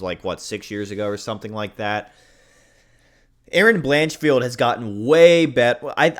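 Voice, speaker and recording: A man hosting a casual fight prediction video, rambling, blunt and joking at his own slips. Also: lowish voice. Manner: rambling, blunt, swears, jokes at himself. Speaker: host giving fight predictions. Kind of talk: casual commentary.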